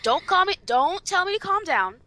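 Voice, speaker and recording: A woman's voice: very high voice, very animated, normal speed, bright, forceful tone, slight background noise. A young woman on a casual podcast, ranting animatedly and swearing freely. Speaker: podcast co-host.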